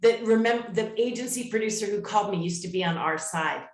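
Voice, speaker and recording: A woman in a casual group discussion, talking in animated, ranting bursts. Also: mid-range voice, a little fast, roomy sound.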